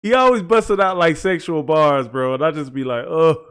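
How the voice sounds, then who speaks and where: A man's voice: fairly high pitch, normal speed, a bit bright, clean tone. A man hosting a music reaction video, chatting casually, breaking down lyrics and laughing often.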